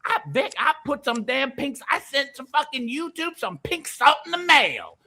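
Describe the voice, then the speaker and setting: A rowdy country peddler, as a man puts him on, pitched way up and pushing hard. He rants and hollers about his cure-all with a bright, gravelly bite. He talks over everyone. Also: big pitch swings, normal speed, heavily acted. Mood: ranting. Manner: rowdy, ranting, pushy. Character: loud rural man selling a cure-all.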